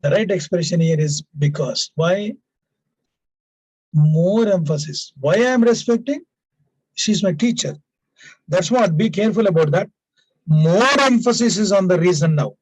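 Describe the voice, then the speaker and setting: Recorded in low quality with no room sound, a man with a high, husky, darkish voice leads an English grammar lesson. He uses example sentences to show usage, repeats important points, and frequently adds "now" and "please" to his lines.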